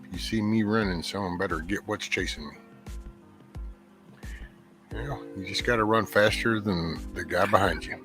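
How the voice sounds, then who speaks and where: A man's voice: on the low side, unhurried, long pauses, a bit bright, soft background music. A man chatting on a podcast, dropping dry wisecracks. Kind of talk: casual chat.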